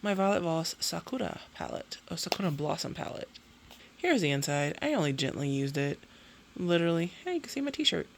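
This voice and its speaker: A woman in her thirties talks straight to her camera in a loose, chatty vlog. Her pitch swings widely as she rants and jokes. A gravelly fry runs under her voice. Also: a little fast. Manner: chatty, animated and ranting, peppered with "okay?". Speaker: beauty vlogger. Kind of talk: casual chat.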